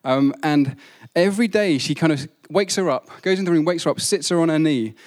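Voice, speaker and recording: A man's voice: a little high, a little fast, darkish tone. A man, preaching a sermon in a conversational, self-deprecating way.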